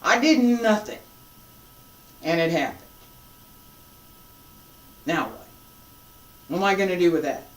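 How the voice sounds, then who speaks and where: Qigong instructor, even mid pitch, unhurried guided breathing cues with chatty asides; roomy, off-mic sound. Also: far from the mic. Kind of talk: guided breathing lesson with reflective talk.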